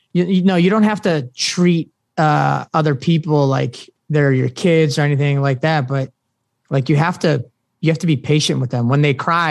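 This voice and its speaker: Guy rambling on a podcast, kinda high voice, lots of you-knows, dry sound. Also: no room sound. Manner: halting, full of fillers and restarts. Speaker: podcast guest. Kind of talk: casual chat.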